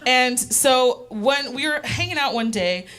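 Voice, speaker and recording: A woman's voice: sits high, animated, a little slow, fairly bright tone. A young woman doing stand-up comedy on a small theater stage, chatty and full of fillers. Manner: chatty, full of "like" and self-interruptions. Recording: live audience laughter in small theater.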